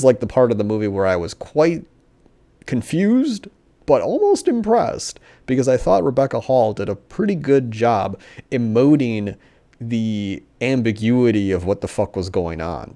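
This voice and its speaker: Young male reviewer, somewhat low pitch, rambling, profane and sarcastic. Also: warm tone. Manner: rambling, filler-heavy, sarcastic. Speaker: movie reviewer. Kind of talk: casual, profane rant.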